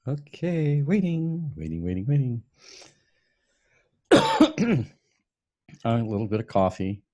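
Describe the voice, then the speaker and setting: A man's voice: mid-range voice, wildly swooping pitch, takes it slowly, darkish tone, lo-fi sound. A man from the Pacific Northwest hosting a casual live stream, chuckling often as he reads out listener check-ins. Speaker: host.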